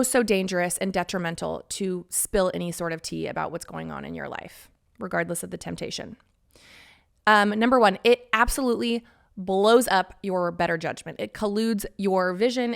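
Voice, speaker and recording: A solo podcast host, a woman in her thirties, chats candidly with casual swearing and acts out quotes from friends. Her voice is medium-pitched and gravelly.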